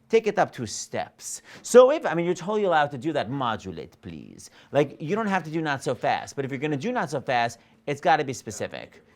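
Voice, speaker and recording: A man coaching a singer in a master class, animated and jokey, acting out lines and scatting melodies. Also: medium pitch. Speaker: vocal coach. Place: studio or rehearsal room.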